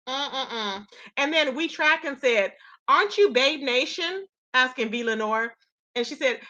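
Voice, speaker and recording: A woman's voice: high-pitched, pushed and bright, highs cut off. A woman hosting her own channel, chatting casually and laughing often as she recaps online gossip. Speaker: commentary channel host.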